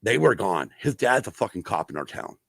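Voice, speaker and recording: Brief: middle-aged male podcast host, gravelly, lively swearing storyteller, dry close sound. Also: lowish voice, fairly quick, no echo. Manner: profane, animated storyteller. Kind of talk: casual storytelling chat.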